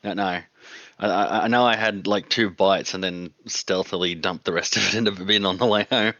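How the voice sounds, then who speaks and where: A man playing a tabletop game, describing his character's actions in a halting way with many restarts. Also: low-pitched, fairly even intonation, sharp tone, no echo. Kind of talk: in-character play and casual chat. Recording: dull lo-fi mic, dry.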